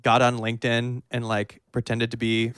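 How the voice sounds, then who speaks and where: A man hosting a casual chat, animated and swearing freely as he tells stories. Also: medium pitch, normal speed, a little hiss or hum.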